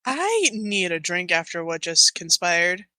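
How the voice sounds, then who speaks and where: A woman's voice: lowish voice, sing-song, a little slow, pushed and bright, dry recording. A woman playing a tabletop role-playing game over an online call, dry and blunt. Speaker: player. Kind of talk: casual tabletop role-play.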